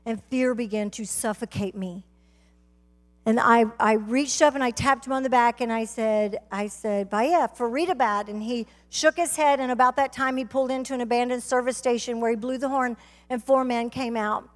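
A high-pitched woman with a Southern US accent, preaching her testimony to a church. She tells her story with fervour and swells into cries of praise. Her voice rings through a reverberant sanctuary with a long tail. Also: moderate pace. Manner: fervent storytelling preacher, rising to shouts. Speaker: guest speaker. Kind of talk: testimony sermon. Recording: reverberant hall.

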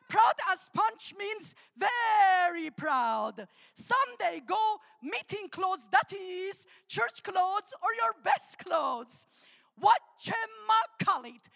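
Woman guest preacher, gravelly edge, playful with the congregation, reverberant church hall. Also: very high voice. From Armenia. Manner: humorous, animated, calls out to the congregation. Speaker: guest speaker. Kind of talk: sermon with testimony.

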